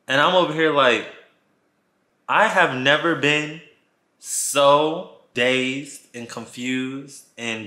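A man's voice: a little high, bright, forceful tone, echoey room. A man vlogging a casual storytime, retelling events dramatically and talking straight to his viewers.

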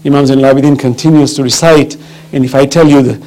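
A man's voice: medium pitch, fairly even intonation, fast talker, a little mellow, rough recording. A man giving an impassioned religious lecture, telling a story with fervent, rising emphasis. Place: mosque or religious center hall.

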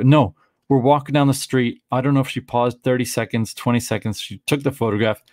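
A man's voice: medium pitch, fairly even intonation, fairly quick, a little mellow, no echo, studio quality. A middle-aged man rambling through casual commentary on photographs, searching for words and restarting often. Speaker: vlogger.

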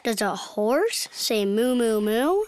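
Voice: mid-range voice, sing-song, slow pace, background noise. An easygoing cartoon farmer. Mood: wry. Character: friendly farmer looking for a horse.

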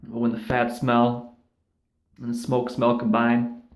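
A man of ordinary pitch rants in a loose, rambling way, swearing often and slipping into sarcastic mock voices. The room around him is echoey and bare. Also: completely flat delivery, takes it slowly. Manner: rambling, profane, sarcastic, with mocking put-on voices. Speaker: vlogger. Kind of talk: casual ranting monologue.

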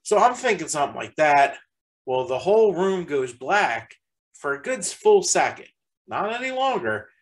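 A man's voice: fairly high pitch, sing-song, moderate pace, low-quality recording. A man reviewing a haunted attraction in casual chat, rambling and packing his sentences with fillers. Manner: rambling, heavy use of "like" fillers.

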